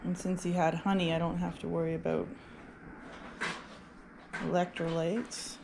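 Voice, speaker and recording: A woman's voice: lowish voice, level tone, measured pace, creaky, long pauses. A woman vlogging at home as she feeds her dogs, chatting casually and coaxing them in a rising pet-talk voice. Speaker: dog owner vlogger. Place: home kitchen with dogs around. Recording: noisy home audio with background ambience.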